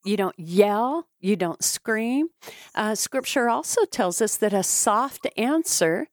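A middle-aged woman co-hosting a podcast, speaking in a measured, supportive way and quoting scripture. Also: mid-range voice, expressive, no echo, clean studio sound. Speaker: podcast co-host. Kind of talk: casual conversational podcast.

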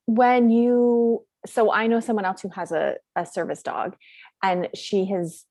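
A woman's voice: medium pitch, little pitch movement, measured pace, warm tone, no room sound. A woman host asking careful, hesitant questions with fillers in a casual interview.

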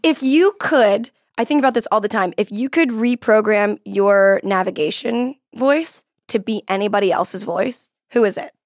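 A woman's voice: mid-range voice, normal speed, few pauses. A young woman hosting a comedic podcast, talking in a playful, teasing, jokey way. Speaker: podcast host. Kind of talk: comedic casual chat.

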